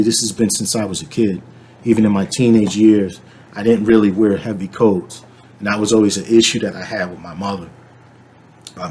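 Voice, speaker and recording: A man telling a dream to camera in a casual, rambling way, with many fillers and restarts. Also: lowish voice. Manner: animated storyteller, shouts when reenacting. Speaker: channel host.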